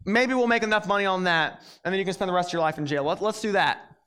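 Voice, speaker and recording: A man's voice: high voice, quick pace, a bit bright, clear, resonant tone. A young man voicing a stern ancient king who coolly orders punishment for a debt in a blunt, matter-of-fact way. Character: stern, businesslike ancient king collecting debts.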